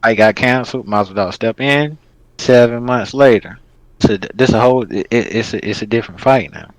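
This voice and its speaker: A man's voice: medium pitch, a little fast, no room sound, low-quality recording. A man co-hosting a casual podcast, ranting in a heated, profane, rambling way. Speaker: podcast host.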